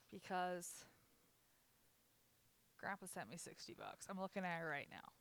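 A woman's voice: lowish voice, animated, slow, smooth. Emotional woman in her thirties, confessing. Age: 30s. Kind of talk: candid conversation.

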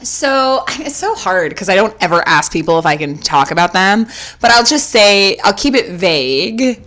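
Bright, animated woman podcast host. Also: mid-range voice, normal speed. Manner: animated, swearing, storytelling. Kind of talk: casual podcast chat.

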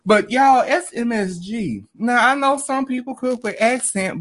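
A man hosting a casual livestream chat, animated, swearing freely and laughing often as he talks to viewers. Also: very high voice, measured pace, hardly any pauses. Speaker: livestream host.

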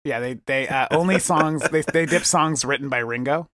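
Man, comedy podcast co-host, rambling improvised banter, words trailing into low mumbles, dry close sound. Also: moderate pace, a bit bright, no echo.

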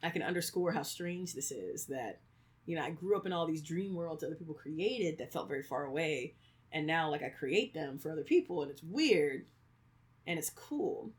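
A podcast co-host in their thirties who creates fictional worlds chats casually in a mid-range voice at a normal speed. They're an animated storyteller who leans heavily on "like," acts out quoted lines, and laughs often.

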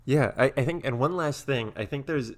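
A man co-hosting a casual film podcast, enthusiastic and rambling, often trailing off into softer asides. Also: mid-range voice, normal speed. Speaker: podcast co-host.

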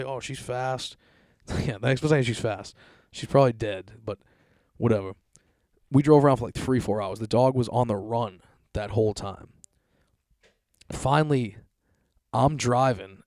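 A man's voice: medium pitch, darkish tone, no room sound, clean studio sound. A man telling a long story in a casual, profane, rambling way.

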